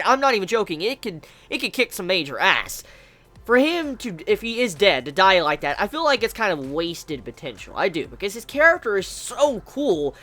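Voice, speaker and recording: Young reviewer, off-the-cuff rant, bouncy delivery with a crisp bright tone. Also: mid-range voice. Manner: animated, rambling, swears freely. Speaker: anime reviewer. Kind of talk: casual spoken review.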